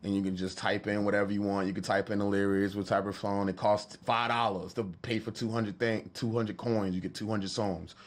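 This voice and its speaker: A man's voice: lowish voice, level tone, a little fast, hardly any pauses. A man, talking loosely and joking with his stream chat from his studio. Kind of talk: casual livestream chat.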